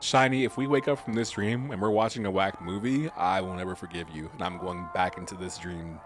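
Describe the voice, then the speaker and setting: Man, game streamer, chatty and joking, low voice, faint music behind. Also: steady tone, brisk. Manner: joking, chatty, laughs often. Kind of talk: casual gameplay commentary. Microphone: desk mic with webcam.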